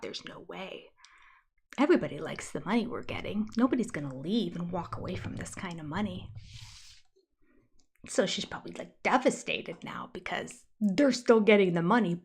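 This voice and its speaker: Older lady doing a casual livestream review, gossipy and fed up, middle pitch, little mocking whispers. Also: vocal fry, husky. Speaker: reality TV reviewer.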